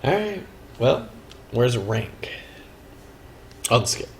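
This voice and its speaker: A man's voice: medium pitch, sing-song, slow pace, slight background noise, rough recording. A man co-hosting a casual movie review chat, rambling and acting out film lines in silly voices. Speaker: podcast co-host.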